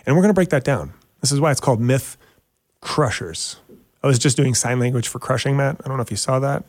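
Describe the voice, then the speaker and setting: Joking radio host, dry studio sound. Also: male voice, no echo. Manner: joking, self-mocking, animated with sudden pitch jumps. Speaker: radio show host and realtor. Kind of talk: casual radio talk show monologue.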